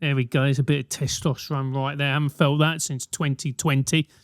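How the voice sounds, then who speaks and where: A man's voice: medium pitch, level tone, fairly quick, clean tone, no echo, clean studio sound. A man in his forties hosting a solo podcast, ranting animatedly with swearing and mock voices. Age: 40s. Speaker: podcast host.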